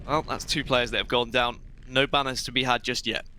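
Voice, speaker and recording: A young British man giving analytical color commentary on an esports match, steady but rising at big plays. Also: mid-range voice, brisk, a little hiss or hum. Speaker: esports caster.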